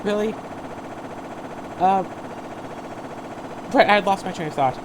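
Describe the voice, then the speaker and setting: A woman's voice: mid-range voice, slow, noisy background. A young woman hosting a game playthrough, rambling and venting in a frustrated, sarcastic way as she plays. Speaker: let's play host. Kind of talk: casual commentary while gaming.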